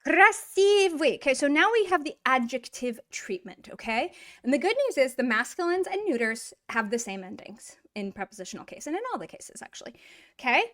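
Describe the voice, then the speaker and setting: A woman teaching a grammar lesson in a chatty, encouraging way, asking rhetorical questions and slowly drawing out example words. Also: high-pitched, very animated, fairly bright tone. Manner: drawn-out model pronunciation of example words. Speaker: Russian language teacher.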